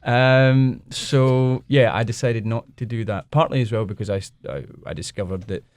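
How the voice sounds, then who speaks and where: A man's voice: mid-range voice, steady tone, moderate pace, a little mellow, clean tone, no room sound. A middle-aged man with a Glasgow Scottish accent, a guest actor chatting on a radio show, self-deprecating and often laughing as he tells stories. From Scotland. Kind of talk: casual radio interview chat.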